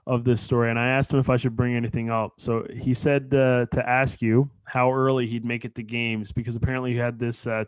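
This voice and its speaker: A man's voice: mid-range voice, clean tone, no echo. A man from Newfoundland hosting a podcast interview, chatty and hesitant with many fillers. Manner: friendly, filler-heavy, hesitant. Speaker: podcast host. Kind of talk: casual interview.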